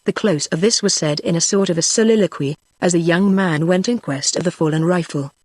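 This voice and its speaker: Dry, even text-to-speech narrator. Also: medium pitch, no room sound. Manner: even, measured computer reading. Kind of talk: synthetic audiobook narration.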